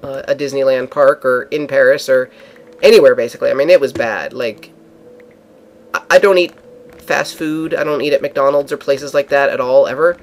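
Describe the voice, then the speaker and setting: Male vlogger, mid-pitch, casual rambling storyteller. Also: steady tone, moderate pace. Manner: rambling, with many fillers and restarts.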